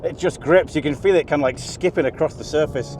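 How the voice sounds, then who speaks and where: A man presenting a car video, giving excited, chatty commentary from inside a car on a race circuit and often laughing. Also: on the high side, fairly quick. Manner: enthusiastic, chatty, breaks into laughter. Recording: loud engine and road noise. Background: car engine and track noise.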